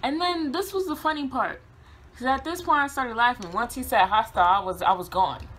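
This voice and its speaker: Bright-voiced young woman telling a story. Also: brisk. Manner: animated, laughs often, acts out quotes with high voice. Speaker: vlogger. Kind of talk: casual storytime.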